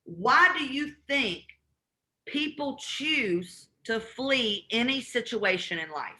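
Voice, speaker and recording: Southern lady coaching cold calls, animated, bright and kinda high. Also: slow. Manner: animated, demonstrates cold calls by role-playing both sides. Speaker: real estate investing trainer. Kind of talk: live training call.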